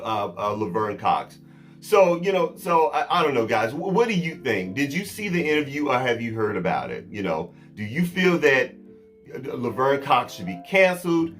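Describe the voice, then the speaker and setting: A man chatting casually to camera as a celebrity gossip vlogger, talking in quick asides to his viewers and often restarting his sentences. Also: mid-range voice, a bit bright.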